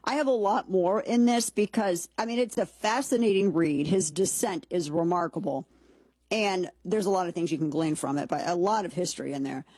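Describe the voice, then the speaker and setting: A woman's voice: on the low side, moderate pace, a little mellow, slightly rough, no room sound. A woman hosting a talk show, giving emphatic, opinionated political commentary and reading quotes aloud.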